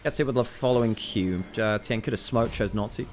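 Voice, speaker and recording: A man doing live play-by-play commentary on an esports match. He shifts from calm analysis to exasperated outbursts, and he is worn out after a long week. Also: medium pitch, brisk, over music. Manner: self-correcting, apologetic asides to viewers. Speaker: esports caster.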